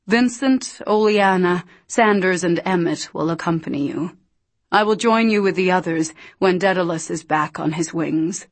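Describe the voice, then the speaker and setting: A woman voicing a composed male outcast who speaks in a measured, reassuring way in an audiobook. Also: on the low side, no echo. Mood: directing. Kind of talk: audiobook character voice.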